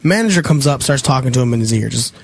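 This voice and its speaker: A man's voice: medium pitch, expressive, quick pace, gravelly, slight background noise. A young man telling a crude, joking story about throwing out a customer at his bar, swearing constantly. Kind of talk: casual storytelling chat.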